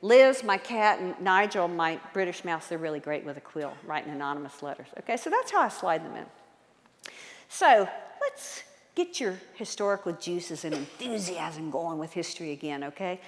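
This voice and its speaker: A woman's voice: on the low side, expressive, normal speed. A woman author giving an enthusiastic history talk to a live audience in a church, often quizzing them with questions. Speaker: guest speaker and author. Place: large church hall. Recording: long hall reverb.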